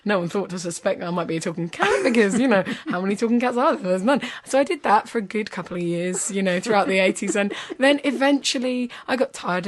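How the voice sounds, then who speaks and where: A woman's voice: medium pitch, close to an everyday voice. A weary, world-worn talking cat drawls through its life story in a casual, matter-of-fact way, as a woman puts it on in a joke. It sounds easygoing and a little tired, rambling on as if this were all perfectly normal. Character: weary talking cat, ex-spy, laid-back.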